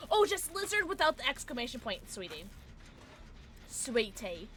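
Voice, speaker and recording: A tipsy woman livestreaming a game, chatting casually with her viewers, giggling and breaking into loud squeals and shouts. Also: sits high, big pitch swings, fast. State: tipsy from drinking. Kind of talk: casual livestream chat while gaming.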